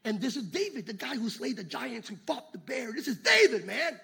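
A man preaching a sermon as pastor, swinging between shouted exhortation and hushed asides. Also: extremely high pitch, very animated, fairly quick, creaky, slightly rough.

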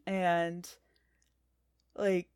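A woman from New Hampshire with a lowish voice tells stories as a podcast guest. She is chatty and casual and keeps filling her sentences with "like" and "um.". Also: flat delivery, very slow, a little mellow, clean tone, no echo, studio quality. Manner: chatty, leans on fillers like "like" and "um". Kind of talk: casual storytelling.

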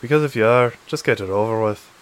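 A man's voice: on the low side, quick pace, smooth, lightly acted. A man reading the part of a frightened, resigned woman tech held captive, in an audiobook. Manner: fearful, resigned.

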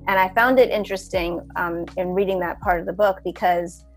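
A woman's voice: on the low side, fairly even intonation, brisk. Encouraging woman interviewer, faint music. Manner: encouraging, affirming listener. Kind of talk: conversational interview.

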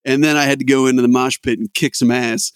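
A young man co-hosting a casual podcast chat, telling stories in an animated, lively way. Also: medium pitch, fast, clean tone, dry recording, clean studio sound. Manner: animated storyteller. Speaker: podcast co-host.

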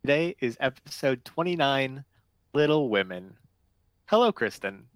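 A man's voice: mid-range voice, sing-song, a little slow. A man hosting a casual podcast chat, talking in a rambling, self-correcting, unsure way. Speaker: podcast host.

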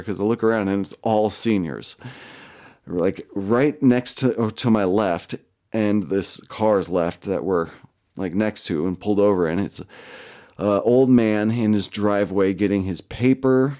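Brief: podcast host, man, low dark voice, profane and laughing storyteller. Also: unhurried. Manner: profane, laughs often while telling. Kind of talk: casual storytelling.

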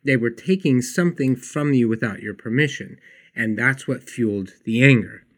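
A man's voice: medium pitch, normal speed. A man hosting a self-help podcast, telling a personal story and acting out the people in it, then explaining an idea to his listeners. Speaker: podcast host.

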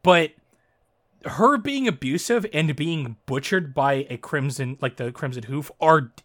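A man co-hosting a casual discussion of a fan story, talking in animated, frustrated bursts full of fillers. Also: on the high side, measured pace. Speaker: podcast co-host.

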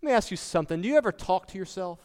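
A man's voice: high-pitched, animated, very fast, a little mellow, smooth, long reverb tail. A man preaching a sermon as pastor, talking conversationally and asking his listeners questions. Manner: conversational, asks the congregation questions.

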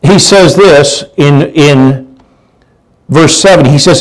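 A man with a high-leaning voice preaches a sermon slowly and conversationally, repeating words often and posing rhetorical questions. The recording is low in quality.

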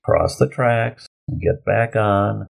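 A male college instructor chatting casually about the course he co-teaches, repeating words and adding quick asides. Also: fairly low pitch, vocal fry. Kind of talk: casual conversation.

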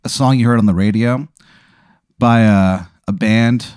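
A man's voice: lowish voice, measured pace, clear, resonant tone, no room sound, clean studio sound. A man hosting a podcast, rambling through an improvised comedy bit and slipping into goofy voices. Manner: animated rambling storyteller with goofy put-on voices. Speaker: podcast host.

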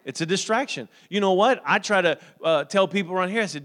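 A man's voice: high-pitched, brisk, few pauses. Man preaching a sermon, rising fervor. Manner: rises to loud emphatic preaching, then calm practical teaching; frequent fillers and repeated words. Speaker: pastor.

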